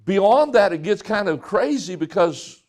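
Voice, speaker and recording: A man's voice: high-pitched, animated, a little slow, darkish tone. Man preaching in a folksy storytelling way. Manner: folksy storytelling with self-restarts. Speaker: pastor. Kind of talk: sermon.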